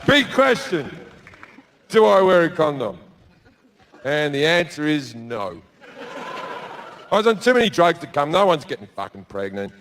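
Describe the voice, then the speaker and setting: A man's voice: on the high side, very animated, measured pace, pauses often, fairly bright tone, a faint crowd, slight background noise. A middle-aged man doing stand-up comedy, telling a crude story bluntly with lots of swearing, on a club stage with a handheld mic. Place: comedy club stage before a live audience.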